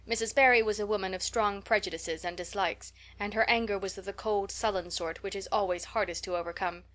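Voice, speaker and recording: Brief: female audiobook narrator, clear and measured. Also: mid-range voice, fairly even intonation, a bit bright. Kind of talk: scripted narration.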